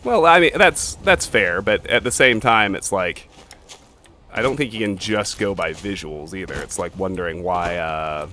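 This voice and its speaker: A man's voice: low-pitched, expressive, normal speed, bright, forceful tone, slight background noise. A man hosting a let's play, chatting casually as he plays, thinking aloud and swearing offhandedly. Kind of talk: casual gaming commentary.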